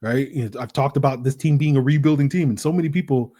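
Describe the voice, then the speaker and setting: A man hosting a solo sports podcast, talking in an animated, rambling way with lots of fillers and rhetorical "right?" questions. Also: mid-range voice, fast talker. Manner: acts out voices in quoted asides. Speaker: podcast host.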